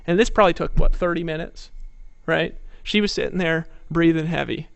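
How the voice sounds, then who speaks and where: Male presenter, fairly high gravelly voice, persuasive motivational pitch, dry sound. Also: fairly even intonation, brisk, dry recording. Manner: persuasive storytelling, rhetorical questions. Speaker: network marketing presenter. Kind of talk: motivational sales talk.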